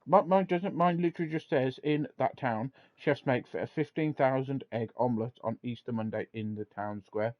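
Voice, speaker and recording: A man's voice: medium pitch, normal speed, hardly any pauses, dry recording. Casual male podcast host, laughs easily, swears now and then, lo-fi home recording. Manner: laughs often, swears casually, reads aloud from a web page. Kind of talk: casual chat.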